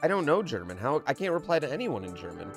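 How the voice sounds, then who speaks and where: A man streaming a game from a room at home, chatting in a playful way that swings between low muttering and loud calls. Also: very animated, fast, vocal fry, over music. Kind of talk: live gameplay commentary.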